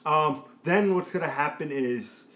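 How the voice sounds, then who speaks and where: A man's voice: fairly high pitch, measured pace, bright, forceful tone. A man co-hosting a casual gaming talk show, rambling and laughing as he tells stories. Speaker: podcast co-host. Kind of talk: casual chat. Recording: echoey room.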